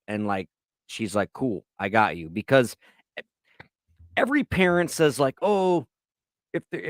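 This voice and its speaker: A man's voice: a little high, no echo, clean studio sound. A man in his thirties co-hosting a podcast, telling rambling stories full of swearing in casual chat. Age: 30s. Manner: profane, rambling storyteller. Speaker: podcast co-host.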